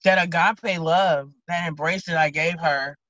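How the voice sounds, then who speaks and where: A woman deputy with a Southern accent recounts a story from her job. Her voice is bright and pushing forward, and she animatedly plays both herself and the people she talks to. The recording is dry and a little dull. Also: fairly low pitch, unhurried, no room sound. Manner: animated, acts out both sides of conversations. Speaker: county deputy sheriff. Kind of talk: casual interview storytelling. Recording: dull lo-fi podcast audio.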